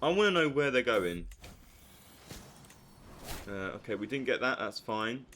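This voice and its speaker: A young man giving live commentary on a strategy game, swinging from low muttering to hyped outbursts. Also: big pitch swings, measured pace, fairly bright tone, slight background noise. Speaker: streamer.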